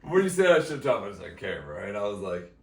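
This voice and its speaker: Man, low voice, casual banter, laughs a lot, echoey room, distant mic. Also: sing-song, very fast, gravelly, a crowd in the background. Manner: laughs a lot, swears, reacts loudly. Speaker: podcast co-host. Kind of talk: casual chat. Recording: roomy, off-mic sound.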